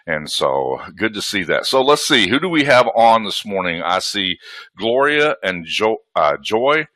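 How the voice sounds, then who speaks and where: A man's voice: sits low, sharp tone, no room sound. A man with a Southern US accent hosting a live webinar from home, chatting in a folksy way and greeting attendees by name. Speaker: webinar host.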